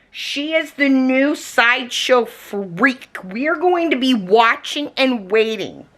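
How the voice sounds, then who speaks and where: Woman, vlogger, casual reaction chat, blunt, swearing, higher voice. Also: a bit bright. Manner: blunt, swears freely, exasperated asides. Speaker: lifestyle vlogger.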